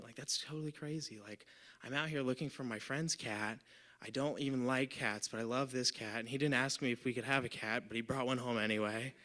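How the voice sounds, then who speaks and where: A young man in his twenties, volunteering as a storyteller, tells a personal story on a live storytelling stage. His mid-range voice is bright, tense, crisp and clean, and he's loose and chatty, constantly dropping "like" and "you know."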